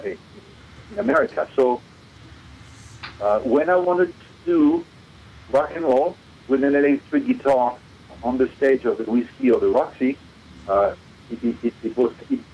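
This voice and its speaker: A middle-aged man with a French accent, speaking as a radio guest at a steady middle pitch. He stops and restarts often, filling gaps with "uh" and "um". The sound is dull and lo-fi, like an old radio recording. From France. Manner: hesitant, many fillers and restarts, lively pitch jumps. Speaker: guest musician. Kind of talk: casual radio interview.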